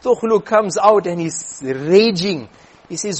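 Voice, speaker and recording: A man preaching, telling a story in an animated way and acting out the characters. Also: high voice, slow pace. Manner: animated storyteller, acts out voices. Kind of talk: sermon storytelling.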